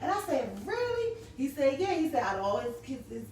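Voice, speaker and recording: A woman's voice: high voice, sing-song, fast talker, darkish tone. A woman hosting a casual live-stream talk show, telling stories animatedly and reading viewer comments aloud. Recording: echoey room, distant mic, faint noise.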